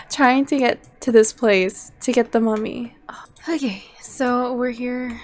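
A young woman casually commenting on her life-simulation gameplay, excitable and quick to gasp and laugh at what happens on screen. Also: a little high. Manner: excitable, gasping and laughing at the game. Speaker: let's play gamer.

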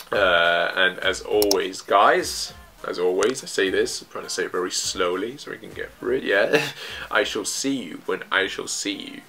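A man talks through a comic chapter in a loose, rambling way, stumbling over repeated words as he goes. His voice sits a little low but sounds bright and forceful. Faint music runs underneath. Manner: rambling, with repeated word restarts and filler "like". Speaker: manga review channel host. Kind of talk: casual commentary chat.

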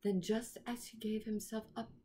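A woman reading a children's story aloud as the narrator, in a slow, careful way. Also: on the high side, level tone, dark tone, slight background noise. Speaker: reader.

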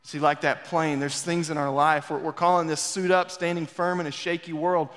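A man preaching a sermon in a church, telling a story dramatically and swinging between loud rises and hushed, quiet passages. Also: a little high, little pitch movement, normal speed. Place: church sanctuary. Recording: long reverb of a church hall.

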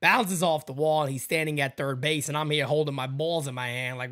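A man hosting a fan livestream, calling a baseball game pitch by pitch in a casual, excitable way and chatting with viewers between plays. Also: fairly quick. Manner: excitable, jumps to loud calls on big plays. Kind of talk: casual play-by-play with chat shout-outs.

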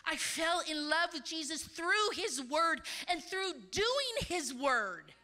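A woman in her fifties preaching in a large church, swinging between loud exclamations and hushed asides. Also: very high-pitched, sing-song, slow. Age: 50s. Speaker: conference speaker. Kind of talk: sermon.

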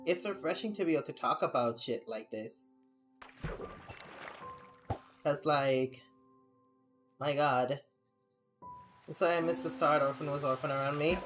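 A woman's voice: low voice, measured pace, long pauses, soft background music. A young adult woman streaming, chatting casually and venting candidly, rambling with frequent laughs. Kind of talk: casual live-stream chat.

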